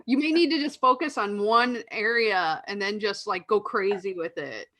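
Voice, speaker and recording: A woman's voice: medium pitch, normal speed, a bit bright. A woman hosting a casual online interview, chatty and enthusiastic, laughing often. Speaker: host.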